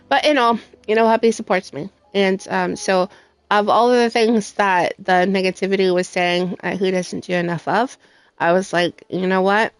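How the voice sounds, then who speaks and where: Her voice is mid-range, clear and resonant, with fairly even intonation and a moderate pace, and there's no echo. This young woman gaming streamer talks emotionally and at length, with lots of fillers, over faint background music.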